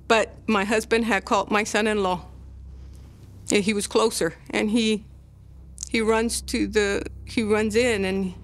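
An older woman, a grandmother, telling her story in a documentary interview, speaking haltingly and emotionally with many restarts. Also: medium pitch. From Texas.

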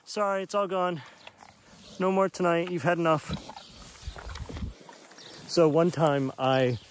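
Man, casual vlog talk, outdoors on a farm, birds and farm noise behind, handheld camera. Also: darkish tone. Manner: coos in a high sing-song to his pig, plain chatty asides to camera. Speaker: pig owner filming his pet.

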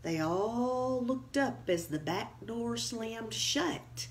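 Woman teacher, storybook read-aloud for kids, high and sing-song, unhurried. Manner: expressive, deliberate.

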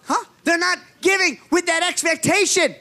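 A man preaching a charismatic sermon as pastor, fervent, with shouted declarations and drawn-out emphasis. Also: extremely high pitch. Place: church sanctuary.

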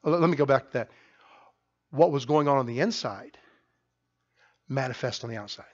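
A middle-aged man, the pastor, preaching a sermon loudly and emphatically, often restarting his sentences. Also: mid-range voice, normal speed, dull audio. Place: church sanctuary.

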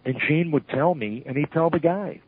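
Older male storyteller, retired referee type, husky voice, phone-line sound, lively and anecdotal. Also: a little high, normal speed, no echo. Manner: animated storyteller who acts out shouted quotes. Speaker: retired wrestling referee, interview guest. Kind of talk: storytelling interview.

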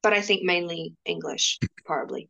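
A woman's voice: lowish voice, normal speed, creaky, bright, forceful tone, low-quality recording. A young woman, an interview guest, talking casually on a video call with many restarts and fillers.

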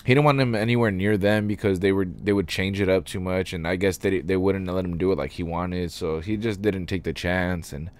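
A man's voice: low-pitched, brisk, hardly any pauses, a little mellow, clear, resonant tone. A young man hosting a casual podcast, rambling loosely and swearing often. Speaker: podcast host. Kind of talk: casual chat. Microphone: live stream setup.

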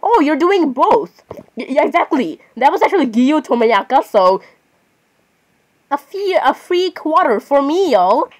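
A woman's voice: high voice, sing-song, a little slow. Chatty woman doing game commentary. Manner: chatty, argues with herself, keeps apologizing. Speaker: gaming channel host. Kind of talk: gameplay commentary.

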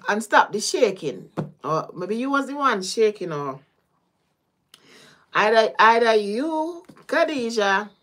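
A woman's voice: a little high, sing-song, slow pace, a bit bright. A woman with a Caribbean accent giving a casual tarot reading on a livestream, chatty and often laughing. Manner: chatty, laughing, drifting between topics. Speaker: tarot reader.

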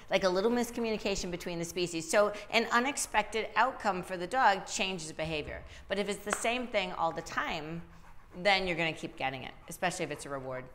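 A woman dog trainer answering questions live, explaining with lively asides and little acted-out voices for dogs and owners. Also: medium pitch, fairly quick, slight background noise. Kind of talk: live Q&A advice.

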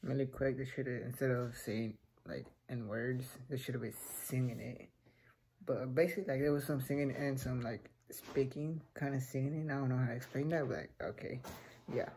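A man's voice: mid-range voice, fairly even intonation, normal speed, noisy background. A teenage boy hosting a reaction video, chatting casually and rambling between remarks. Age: teens.

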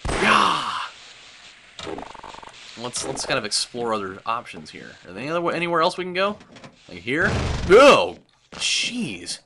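Sarcastic, excitable young man gaming. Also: medium pitch, moderate pace, pauses often, background noise. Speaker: let's play host. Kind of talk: gameplay commentary.

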